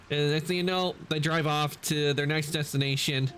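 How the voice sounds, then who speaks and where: A man's voice: on the high side, fairly even intonation, normal speed, a bit bright, slight background noise. A man streaming a game, chatting casually and rambling with lots of filler words. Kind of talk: casual gameplay chat.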